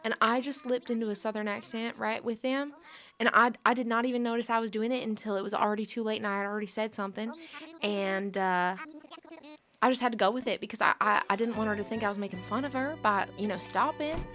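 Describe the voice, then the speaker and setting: A woman's voice: a little high, steady tone, fast, fairly bright tone, faint music behind. A woman in her late twenties hosting a livestream, chatting casually and rambling while she plays, often filling her sentences with "like". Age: late 20s. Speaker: livestream host. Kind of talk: casual chat while gaming.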